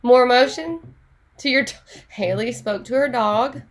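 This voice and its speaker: A woman teaching an online Spanish class in a chatty, animated way, laughing often. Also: fairly high pitch, measured pace.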